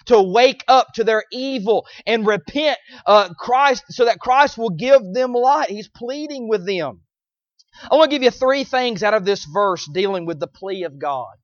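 A man preaching a sermon, repeating phrases and swinging between loud pleading cries and low, quiet lines. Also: dry recording, dull audio.

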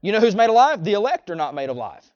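A man's voice: high-pitched, sing-song, quick pace, a little mellow, no echo. A man preaching a sermon in a folksy, emphatic style, with sarcastic asides to his congregation, on a dull lo-fi recording.

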